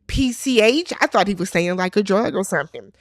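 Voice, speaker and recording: A woman's voice: mid-range voice, lively intonation, fairly quick, no echo, studio quality. A woman hosting a casual TV recap, chatty and opinionated, acting out the characters' lines as she goes. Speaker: recap host.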